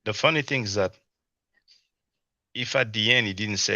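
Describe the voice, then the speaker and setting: A French-accented man hosts a casual online discussion, his voice lowish and forcefully bright. He rambles, restarts and leans on "you know what I'm saying". The audio is dry and somewhat muffled, like a stream microphone. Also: expressive, moderate pace, long pauses, dry recording.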